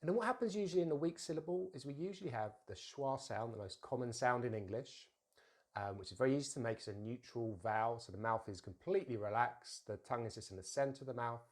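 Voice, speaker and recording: A man teaches English pronunciation at an even middle pitch. He talks the learner through each example and says the model words slowly and deliberately, then repeats them. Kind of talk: pronunciation lesson.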